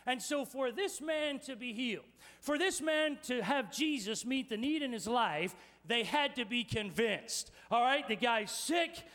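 A male pastor preaching a sermon, energetic and playful, directing volunteers in a live demonstration and speaking straight to the congregation. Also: very high voice, measured pace.

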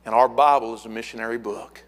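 A middle-aged man preaching a fiery sermon as pastor, building to shouted repeated words. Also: mid-range voice, steady tone, fast.

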